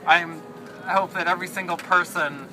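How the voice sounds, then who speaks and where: A man speaking at an outdoor rally, halting, with many fillers and restarts. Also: high voice, fairly even intonation, noisy background.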